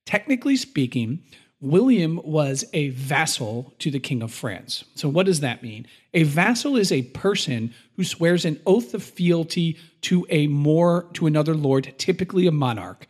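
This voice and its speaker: A man co-hosting a casual podcast, explaining medieval history in plain terms and now and then acting out quick quoted voices. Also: fairly high pitch, very animated, slightly rough. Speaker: podcast co-host.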